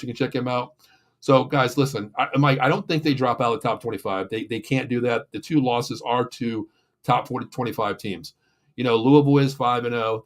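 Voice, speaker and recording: Pittsburgh guy venting on his sports show, rambly, lots of uh and you know, normal mid voice. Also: medium pitch. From Pittsburgh area, USA. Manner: frustrated, rambling, with many fillers and restarts. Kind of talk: casual sports rant and sponsor reads.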